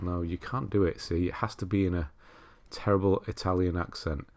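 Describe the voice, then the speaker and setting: Male game walkthrough host, deep voice, casual and self-deprecating. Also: brisk. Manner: relaxed, chatty, laughs at himself, self-correcting. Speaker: walkthrough commentator. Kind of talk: casual gameplay commentary.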